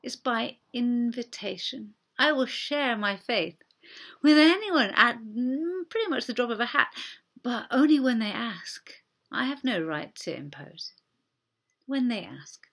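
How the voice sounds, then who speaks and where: A woman preaching a sermon in a gentle, conversational way, often dropping her voice almost to a whisper. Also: a little high, animated, measured pace, vocal fry.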